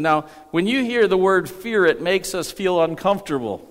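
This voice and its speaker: Pastor, male, emphatic sermon delivery, fairly high voice, long church reverb. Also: lively intonation, moderate pace, few pauses. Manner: emphatic, calls for congregation response. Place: church sanctuary. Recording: echoey hall.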